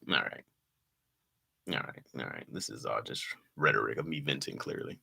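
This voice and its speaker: Bright-voiced man laughing at his own jokes. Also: extremely low pitch, moderate pace, vocal fry, husky. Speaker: comedian reading his old jokes to a live chat. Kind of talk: casual livestream chat.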